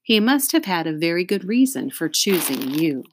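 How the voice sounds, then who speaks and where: A woman's voice: on the low side, big pitch swings, normal speed, a little hiss or hum. A woman voicing a friendly male yard teacher who speaks earnestly and encourages a student. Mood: encouraging. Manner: gently earnest, coaxing.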